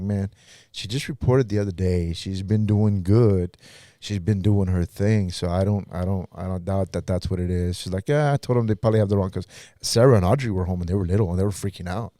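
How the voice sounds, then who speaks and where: A man's voice: sits low, warm tone, no echo, studio quality. A pastor guest in a podcast interview, telling his own story in a casual, earnest way and acting out what others said.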